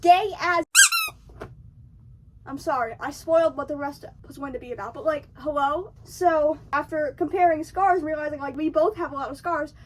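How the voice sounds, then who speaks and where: A woman's voice: sits high, moderate pace, far from the mic. A young woman retelling a film's plot in a chatty, slangy way, acting out the characters' lines as she goes. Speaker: video essayist. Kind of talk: casual film recap.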